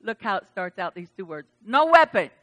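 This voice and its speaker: A woman's voice: fairly low pitch, a little fast, pushed and bright. A woman pastor preaching a sermon, emphatic and chatty, with casual asides to the congregation.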